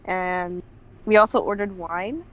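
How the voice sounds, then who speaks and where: A woman's voice: on the low side, measured pace, fairly bright tone, poor audio. A young woman telling a casual story as a podcast guest, her talk full of "like". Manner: chatty, fills speech with "like".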